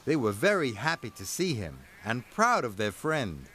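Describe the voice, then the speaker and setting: Male storybook narrator: slow, animated delivery, with music underneath. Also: mid-range voice.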